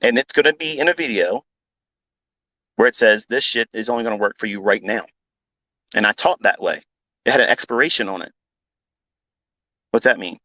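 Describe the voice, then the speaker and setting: A man's voice: lowish voice, moderate pace, long pauses, pushed and bright, no room sound, rough recording. A man talking off the cuff as a trading educator, blunt and combative, swearing freely and repeating himself for emphasis. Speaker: trading educator on a live audio space. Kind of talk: unscripted profane rant.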